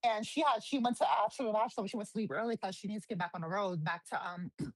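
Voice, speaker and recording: A woman, a guest wrestler, telling stories in a casual interview, animated, swearing freely and acting out quotes. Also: mid-range voice, fast, dry recording, low-quality recording. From New Jersey.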